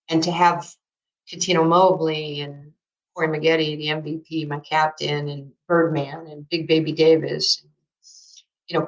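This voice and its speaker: Animated woman coach telling stories. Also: deep voice, rough recording. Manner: animated storyteller, acts out quotes, laughs often. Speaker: interview guest, basketball coach. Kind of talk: casual storytelling interview.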